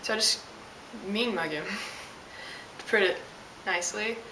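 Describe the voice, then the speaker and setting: A woman's voice: mid-range voice, slow pace. A young woman telling an exasperated, sassy story as a casual vlog rant. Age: young adult. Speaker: vlogger. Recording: roomy, distant mic with hiss.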